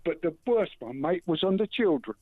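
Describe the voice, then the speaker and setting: Blunt male phone-in caller, fairly high voice, dry tinny phone line. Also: expressive, normal speed, no echo. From England. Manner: blunt, keeps saying mate. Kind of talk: phone-in call.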